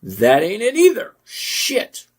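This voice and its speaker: A middle-aged man hosting a stock trading channel, walking through numbers on screen in a casual, teasing, sarcastic way and repeating points slowly for emphasis. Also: high-pitched, huge pitch swings, breathy edge.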